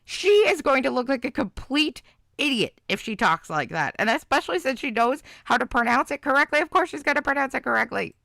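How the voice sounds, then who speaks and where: A woman's voice: high-pitched, animated, brisk, vocal fry, bright, forceful tone, no room sound, studio quality. A woman hosting a casual live reaction stream, chatting with viewers by name and giving blunt opinions. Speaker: livestream host reacting to a video.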